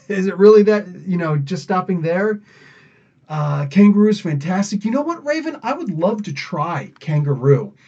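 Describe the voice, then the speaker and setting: A man's voice: on the high side, mellow. Rambling chatty man on lo-fi audio. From United States. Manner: rambling, chatty, laughs often. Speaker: podcast host. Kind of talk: casual live Q&A chat. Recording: dull lo-fi audio.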